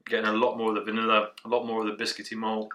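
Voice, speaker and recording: Lowish, bright-toned man reviewing beer. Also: completely flat delivery, very fast, distant mic. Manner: chatty, rambling, trails off with fillers. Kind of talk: casual tasting review.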